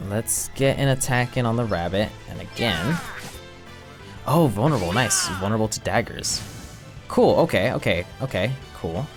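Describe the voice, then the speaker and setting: A man's voice: fairly low pitch, lively intonation, normal speed, over music. A man casually commenting on his game as he plays, goofy and self-mocking. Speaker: streamer playing a game. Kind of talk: casual let's-play commentary.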